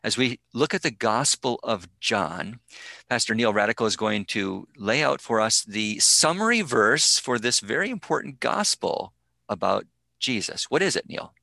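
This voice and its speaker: Bright-voiced man hosting a faith podcast. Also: mid-range voice, big pitch swings, normal speed, creaky, dry recording. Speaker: podcast host. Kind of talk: scripted podcast intro and discussion.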